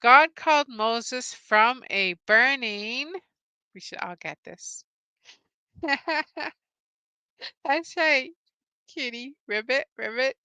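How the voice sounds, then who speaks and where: A woman's voice: fairly high pitch, animated, very slow, pauses often, sharp tone, smooth, no echo. A woman hosting a live-stream Bible trivia game. She cheerfully greets viewers, reads out their answers and laughs often. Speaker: host.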